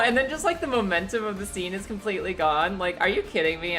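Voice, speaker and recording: A young woman streaming from her living room, chatting casually and animatedly, often laughing and jumping into high excited squeals, her voice slightly echoey. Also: fast, few pauses, soft background music. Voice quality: a little echoey today. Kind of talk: casual chat. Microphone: streaming setup.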